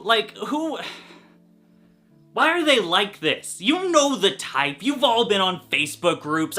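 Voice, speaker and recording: A young man ranting in a comedic vlog, profane, exasperated and sarcastic, swinging between loud outbursts and tired mutters. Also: a little high. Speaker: reptile YouTuber.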